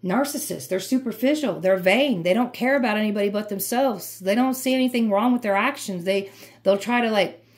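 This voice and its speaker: A woman's voice: mid-range voice, brisk. Woman, tarot reading, emphatic, repetitive, fired-up. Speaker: tarot reader.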